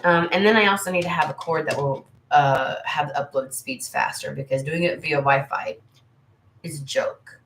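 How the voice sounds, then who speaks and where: A rambling American woman talks casually to her viewers as a tarot channel host, candid and freely swearing. Her voice sits low, and the sound carries a roomy echo. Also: normal speed, a bit bright. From United States. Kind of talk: casual livestream chat with viewers.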